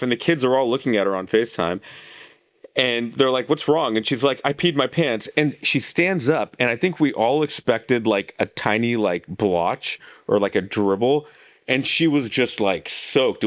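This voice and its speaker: A man's voice: medium pitch, fairly bright tone, no echo, studio quality. A young man co-hosting a podcast, telling a funny story in a rambling, joking way with lots of fillers. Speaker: podcast co-host.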